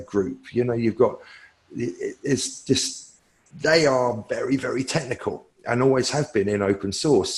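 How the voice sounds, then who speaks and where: A man's voice: medium pitch, darkish tone. A man, a technology analyst, answering questions in a conversational way, thinking aloud with fillers and restarts. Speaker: cloud technology analyst, guest.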